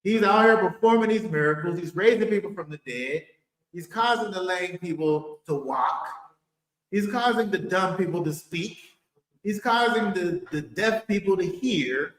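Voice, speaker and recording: Man, Bible teacher, high and lively voice, emphatic, echoey room. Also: normal speed. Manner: animated, emphatic, rhetorical questions.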